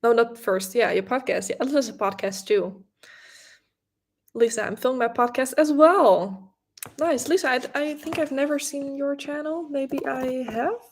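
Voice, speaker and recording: A young woman from the Netherlands with a Dutch accent, chatting casually on a knitting livestream and answering viewers' comments with quick restarts and soft laughs. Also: high-pitched. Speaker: livestream host, knitting creator.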